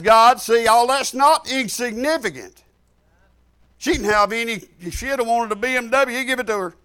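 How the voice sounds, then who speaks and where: A pastor delivers his sermon in a very high voice. His folksy talk jumps from loud, shouted lines to quiet asides. The tone is bright and forceful. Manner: folksy, rising to shouts then dropping low.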